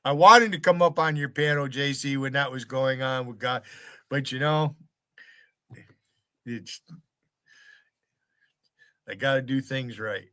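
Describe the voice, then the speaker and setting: A man's voice: mid-range voice, unhurried, long pauses, a bit bright, no echo, studio quality. An American man hosting a livestream, taunting and swearing at people in his chat in a mocking rant. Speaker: livestream host. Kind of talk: profane rant at chat viewers.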